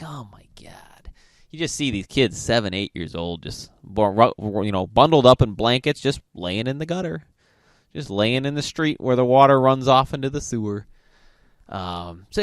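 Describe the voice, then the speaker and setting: A man's voice: medium pitch, clean tone, dry recording, studio quality. A man hosting a podcast, telling a travel story in a casual monologue, swearing constantly and venting his frustration. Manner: profane, exasperated ranting. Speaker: podcast host.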